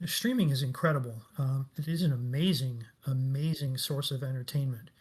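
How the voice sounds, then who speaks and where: A man's voice: mid-range voice, normal speed, darkish tone. Enthusiastic middle-aged man being interviewed. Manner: enthusiastic, emphatic storyteller. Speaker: guest, game industry veteran. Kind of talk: casual interview chat.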